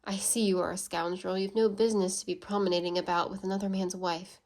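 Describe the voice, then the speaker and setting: A woman voicing a blunt, proud and sarcastic English gentleman in a storybook reading, with a scolding manner. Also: mid-range voice, flat delivery, fast talker, lightly acted.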